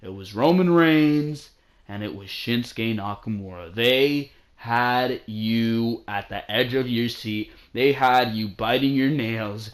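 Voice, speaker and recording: A young man giving a casual, excitable wrestling review from home, repeating lines for emphasis and calling the listener "bro". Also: mid-range voice, measured pace.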